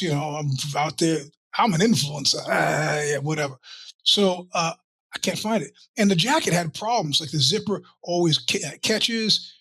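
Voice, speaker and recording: A man hosts his own podcast in a loose, rambling monologue, cutting himself off and swearing often. His voice is forceful and bright with a husky grain, pitched a bit high for a man. The sound is dry and close. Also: no room sound. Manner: rambling, profane, self-interrupting. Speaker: podcast host. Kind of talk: casual monologue.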